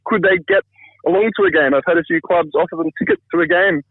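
A man in his thirties tells a family anecdote down the line in an easy, self-mocking way. His voice sits a little high and comes through thin and phone-like, with no room sound at all. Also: quick pace, husky, no room sound. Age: 30s. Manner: self-deprecating, chatty, fond of his parents. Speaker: caller telling a viral story. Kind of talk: casual phone storytelling. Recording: tinny phone line, dry.

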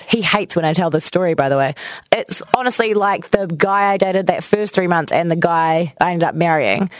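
A woman, a radio host telling personal stories in casual chat, acting out quotes with big jumps in voice. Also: no echo. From New Zealand. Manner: animated, acts out quotes with big pitch jumps. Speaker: radio host, podcast guest.

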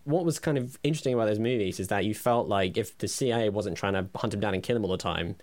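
A man's voice: lowish voice, fast talker, dry recording. A man hosting a podcast, in casual comedy chat, rambling and wry with lots of ums. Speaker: podcast host.

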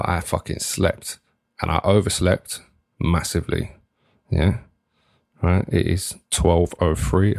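A man's voice: low voice, creaky, no room sound, clean studio sound. A young man hosting a solo podcast, rambling casually, swearing freely and often restarting his sentences. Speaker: podcast host.

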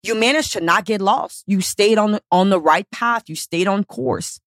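A woman hosting a motivational podcast as a weight-loss coach, talking casually and bluntly with plenty of swearing and lively storytelling. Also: medium pitch, moderate pace, dry recording, studio quality. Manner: casual, profane, animated storytelling.

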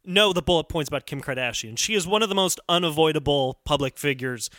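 Lively high-voiced man hosting a podcast. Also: fast, no echo, studio quality. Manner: playful, teasing, animated. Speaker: podcast host. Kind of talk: casual comedic podcast chat.

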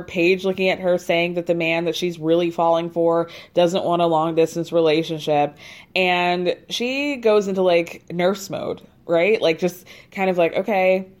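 Animated woman recapping with casual swearing. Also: on the low side. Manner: animated storytelling, swears freely, laughs at her own asides. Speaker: podcast host recapping a reality show.

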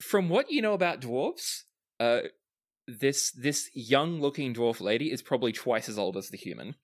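A man narrating a tabletop game as game master, lively and hesitant with fillers. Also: medium pitch, moderate pace.

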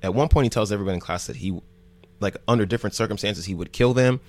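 A man's voice: fairly low pitch, fast. A man from New Jersey, a news show host, telling a rambling story in casual, loose speech full of "like" and swearing. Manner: laid-back, rambling, heavy on "like", swears freely.

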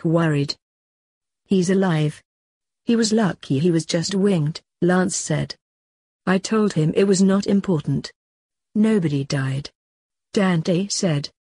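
Woman narrator, low-ish husky voice, dry close sound. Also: warm tone, no room sound. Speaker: podcast host and author reading her story. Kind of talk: storytelling narration.

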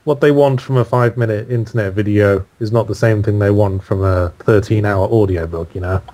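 A British author, a guest in a casual interview, speaks in quick bursts with a dry, self-deprecating manner. His voice is lowish, mellow and steady in tone.

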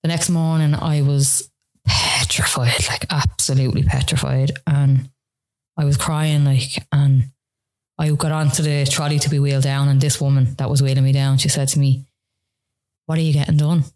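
Low-voiced woman recounting her story. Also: little pitch movement, moderate pace, warm tone. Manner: tearful retelling with many fillers, earnest. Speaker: guest. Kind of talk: personal story in a podcast interview.

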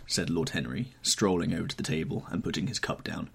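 A man narrating a classic novel in a measured, even-handed reading voice. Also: deep voice, gravelly, breathy edge. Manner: measured, softer on narration tags. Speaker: audiobook narrator.

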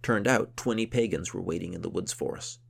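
A man voicing a boastful, hot-tempered warrior count who talks loudly and grandly. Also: deep voice, brisk, vocal fry, husky, full character voice. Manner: loud, blustering, grandly boastful.

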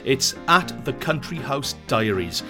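A male podcast co-host in easy chat, with a mid-pitched voice that swoops widely as he speaks. His delivery is theatrical and enthusiastic, and faint music plays behind him. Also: very animated, measured pace. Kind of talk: casual chat and show wrap-up.

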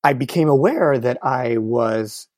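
A speaker reflecting slowly in a casual conversation, with many fillers and pauses while searching for words. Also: mid-range voice, lively intonation, a little mellow, dry recording.

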